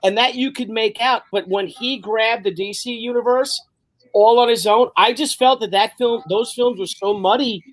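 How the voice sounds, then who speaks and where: A man's voice: very high voice, moderate pace. A man co-hosting a casual video-call chat among cartoonists, rambling and emphatic, often swearing. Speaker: comic artist co-host.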